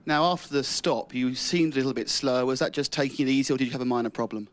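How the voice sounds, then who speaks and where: Brisk man conducting a podium interview. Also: mid-range voice. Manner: brisk, jokey questioning. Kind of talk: post-race podium interview.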